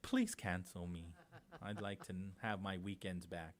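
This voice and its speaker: A man with a Guam accent hosting a casual morning radio talk show, animated and indignant, moving between quiet asides and loud outbursts in a studio. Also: low-pitched, unhurried.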